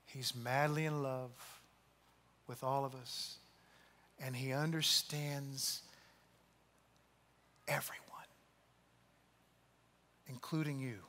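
Bright-voiced male preacher in a reverberant hall. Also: mid-range voice, fairly even intonation, slow pace. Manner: storytelling, acting out quoted voices, dropping to soft hushed tones. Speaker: pastor. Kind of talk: sermon.

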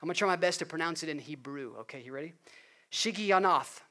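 A man preaching a sermon in an earnest way, rising to loud emphasis and dropping to hushed appeals. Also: on the high side, very fast. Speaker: pastor.

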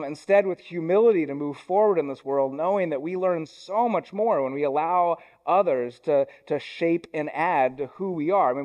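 A young adult man preaching a sermon in a church, conversational, with self-deprecating asides, moving between quick runs and slow, deliberate lines. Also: fairly high pitch, darkish tone. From Ohio, US. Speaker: pastor.

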